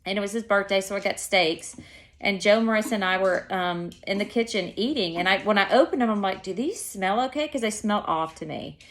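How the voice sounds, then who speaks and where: A woman's voice: mid-range voice, brisk. A woman chatting casually to camera, rambling and correcting herself mid-sentence as she tells her story. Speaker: vlogger.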